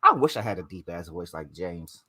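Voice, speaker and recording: A man's voice: low voice, big pitch swings, moderate pace, pushed and bright, husky. A man co-hosting a live podcast in loose, profane banter, laughing often. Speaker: podcast co-host. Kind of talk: casual live podcast chat.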